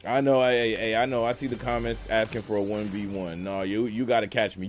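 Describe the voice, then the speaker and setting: A man talking casually while playing a video game, telling a fable and musing on life in relaxed slang. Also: lowish voice, a little fast, few pauses. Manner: laid-back, slangy, reflective. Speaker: gaming streamer. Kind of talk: casual gameplay commentary with storytelling.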